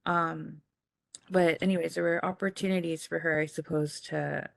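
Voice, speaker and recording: A young woman on a video panel reflects on a personal experience in a soft, halting way, full of pauses. Her voice sits low with a gravelly edge. The sound is close and dry. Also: steady tone, dry recording. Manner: soft, halting, with frequent fillers.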